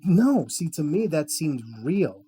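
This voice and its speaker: A man's voice: a little high, sing-song, slow, mellow, a little hiss or hum. A man co-hosting a film podcast, enthusiastic and profane, reading trivia and arguing his points. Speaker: podcast co-host. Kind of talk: casual film chat.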